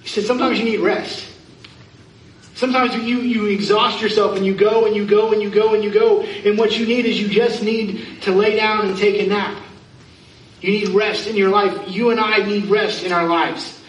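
A man's voice: high voice, fairly even intonation, moderate pace, lo-fi sound, slight background noise. A pastor preaching a conversational sermon, asking his congregation questions. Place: church sanctuary. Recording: echoey room from far off.

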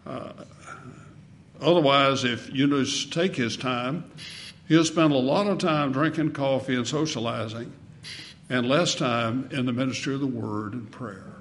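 A man preaching a sermon in a folksy way, asking the congregation questions and swinging between loud emphasis and soft asides. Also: medium pitch, a little slow, slight background noise.

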